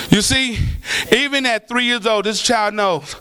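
Middle-aged male preacher, very high and sharp-toned, impassioned, shouting, musical cadence. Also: a little slow. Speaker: pastor. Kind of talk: sermon. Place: church.

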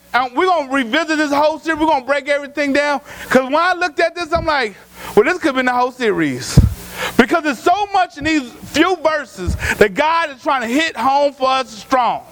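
Male pastor, very high voice, preaching hard, swings between shouting and hushing, faint hum underneath. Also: rough recording. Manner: preaching with rising shouts and sudden drops to a hush. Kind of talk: sermon.

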